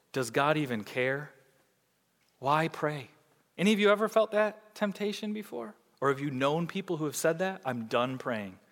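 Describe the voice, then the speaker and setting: Preaching man, echoing hall. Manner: swings from loud emphatic peaks to hushed low passages. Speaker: pastor. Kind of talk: sermon.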